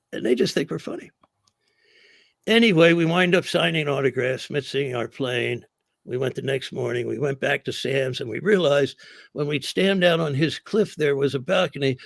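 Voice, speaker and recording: A man's voice: mid-range voice, vocal fry, no echo, studio quality. A man telling rowdy show-business stories in a casual chat, acting out the other people's lines. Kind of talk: casual storytelling.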